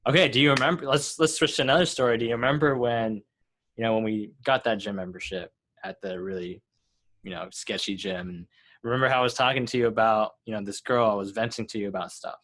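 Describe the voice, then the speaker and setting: A man in his twenties hosting a casual podcast, easygoing, with quick supportive replies and frequent laughs. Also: on the low side, fairly even intonation, fairly bright tone. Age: 20s. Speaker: podcast host.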